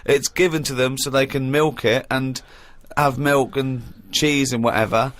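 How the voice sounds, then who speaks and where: A man's voice: mid-range voice, fairly even intonation, a little slow, a bit bright. A man hosting a radio chat, arguing his point in an exasperated way. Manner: argumentative, exasperated. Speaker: radio host. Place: radio studio.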